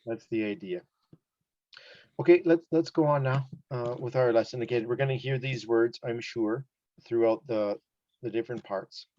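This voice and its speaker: A man's voice: mid-range voice, moderate pace, warm tone, lo-fi sound. A man teaching an English test-prep lesson one-on-one, explaining casually with examples and many fillers.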